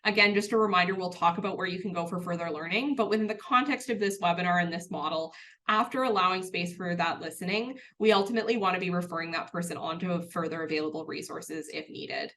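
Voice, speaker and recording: A woman's voice: fairly low pitch, fast talker, a bit bright, a little hiss or hum. A woman presenting a workplace training webinar in an earnest, conversational way, with a touch of self-deprecating humour.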